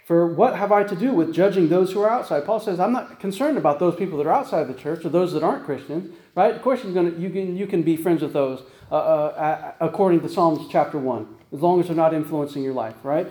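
Man, pastor, sermon, high voice, echoey room, keeps asking "right?". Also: fast talker, few pauses, warm tone. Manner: conversational, repeats "right?" and "guess what?".

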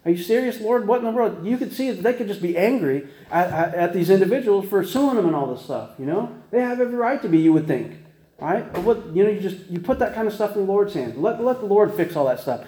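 A man delivers a casual, folksy sermon, tumbling quickly through stories with restarts and frequent "right?" asides. His voice sits a touch high yet sounds mellow and warm. The room around him rings with noticeable echo. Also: animated. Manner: folksy, chatty, many restarts and rhetorical "right?". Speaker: preacher.

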